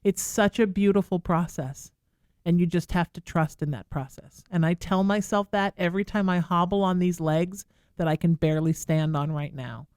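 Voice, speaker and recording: A woman talk radio host speaks in a smooth, resonant voice, soothing and affectionate as she comforts a caller. She sounds close to tears throughout. The studio is dry and close. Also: fairly low pitch, normal speed, darkish tone, no echo. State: tearful. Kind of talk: emotional advice to a caller. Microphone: studio microphone.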